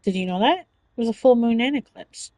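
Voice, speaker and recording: A woman hosting a relaxed livestream, chatty and quick to giggle as she reads out messages from her viewers. Her voice sits a little high, and the sound is dry and close, with no room echo. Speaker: livestream host. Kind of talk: casual livestream chat.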